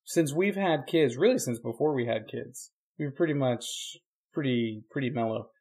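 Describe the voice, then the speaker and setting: An easygoing preacher co-hosting a podcast, he thinks out loud in a relaxed, reflective way. He drops dry, deadpan jokes into the conversation. His voice sits in a middle register for a man. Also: medium pitch, moderate pace, husky. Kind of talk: casual chat.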